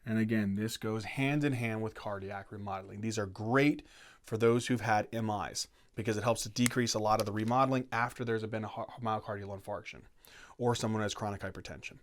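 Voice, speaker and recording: A man giving a medical lecture, energetic and conversational, often asking questions and checking in with "right?". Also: on the low side, a little fast. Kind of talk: whiteboard lecture.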